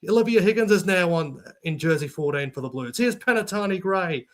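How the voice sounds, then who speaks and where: Male sports commentator, high voice, excitable live play-by-play. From Australia. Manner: rapid play-by-play, jumps to shouting on big runs.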